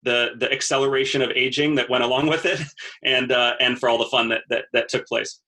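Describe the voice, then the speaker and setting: A man's voice: mid-range voice, fairly quick. A man in his thirties, a podcast guest, talking casually about his work and repeating words as he finds his thoughts. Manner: repeats words as he thinks, steady storytelling. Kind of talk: casual interview talk.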